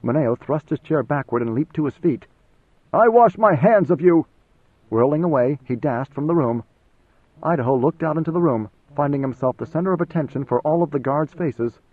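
A man reading a novel as audiobook narrator, in measured, even storytelling. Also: medium pitch, dry recording. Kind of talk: scripted narration. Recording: tinny phone-like band, dry.

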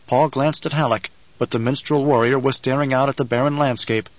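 A man narrating an audiobook in a measured, even manner. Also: mid-range voice, dry recording, muffled recording. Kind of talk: scripted narration.

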